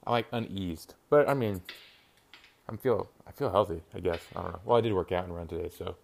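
Low-voiced rambling profane man. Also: brisk, gravelly, slight background noise. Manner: rambling, profane, reacting to a game on TV. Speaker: podcast host. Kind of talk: casual solo chat.

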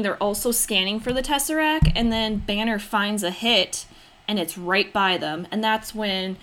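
A woman's voice: a little high, moderate pace, a bit bright. A young woman in casual chat, recapping a film with friends, swearing freely and acting out lines. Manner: swears freely, acts out quotes, laughs often. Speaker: podcast co-host recapping a film.

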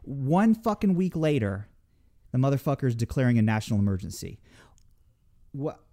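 A man's voice: medium pitch, big pitch swings, normal speed, mellow. A man in casual podcast chat, ranting with heavy swearing and many restarts. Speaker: podcast co-host.

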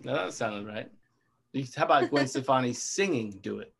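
A man co-hosting a podcast with his sister, joking, swearing and breaking into squeaky impressions. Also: lively intonation, normal speed, vocal fry, breathy edge. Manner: jokey, swearing, jumping between low mumble and squeaky impressions. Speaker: podcast co-host. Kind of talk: casual chat between siblings.

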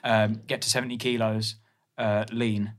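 A man's voice: on the low side, flat delivery, a little slow, a bit bright. A man, a podcast co-host who banters casually, teases, swears and laughs often.

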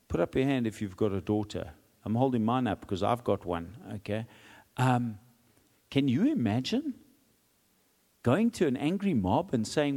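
A man's voice: medium pitch, normal speed, pauses often, in a large hall. A man in his forties preaching a sermon, acting out the quotes and checking in with "okay?" as he goes. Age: 40s. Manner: animated, acts out the quotes, asks "okay?" often. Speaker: pastor.

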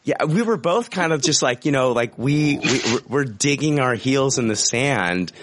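Animated, profane podcast co-host man. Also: medium pitch, normal speed, background noise. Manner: profane, laughing, rambling. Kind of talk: casual crude podcast banter.

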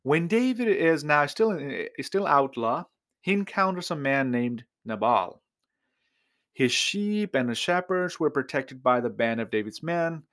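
A man's voice: on the high side, expressive, unhurried, a bit bright. Emphatic preaching man. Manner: emphatic preaching, voice jumps up for quoted speech; talks to the listener directly, with frequent restarts. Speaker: pastor. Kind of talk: sermon.

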